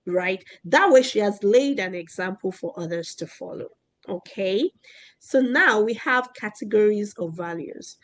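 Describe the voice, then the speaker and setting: A woman teaching a children's class, who keeps asking questions and checking in with the kids. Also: medium pitch. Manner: asks questions often, keeps checking with "right?".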